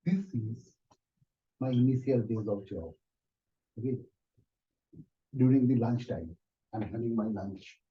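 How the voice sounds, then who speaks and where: A man giving a prepared storytelling speech at a club meeting, halting, with many fillers. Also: mid-range voice. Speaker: club speaker. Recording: distant, muffled room recording.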